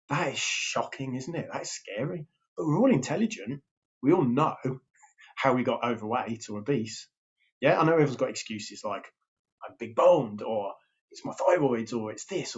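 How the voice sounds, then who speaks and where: Man, health coach, casual motivational chat, checks in with "yeah?", mid pitch, muffled lo-fi audio. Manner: chatty, keeps checking in with "yeah?". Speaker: health and weight loss coach. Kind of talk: casual motivational talk to camera. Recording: slightly dull lo-fi sound.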